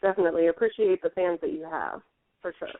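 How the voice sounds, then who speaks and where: A woman's voice: lowish voice, fast talker, phone-quality sound. A woman co-hosting a casual chat, playful and giggly, mostly giving short replies.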